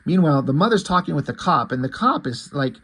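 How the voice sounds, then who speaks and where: A man's voice: on the high side, big pitch swings, fast talker, fairly bright tone, slightly rough. A man casually reviewing a comic book, rambling and correcting himself, with the odd swear word.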